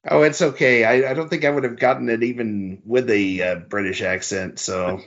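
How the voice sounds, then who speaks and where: A man guessing in a casual quiz, hesitant and thinking aloud with many pauses. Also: medium pitch, steady tone, dull audio. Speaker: quiz contestant.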